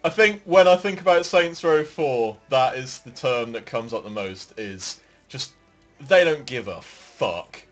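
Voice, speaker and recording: Brief: young male gamer, mid-pitched, dry delivery, swears offhandedly. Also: measured pace, few pauses, faint music behind. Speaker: gaming show co-host. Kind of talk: casual gaming chat while playing.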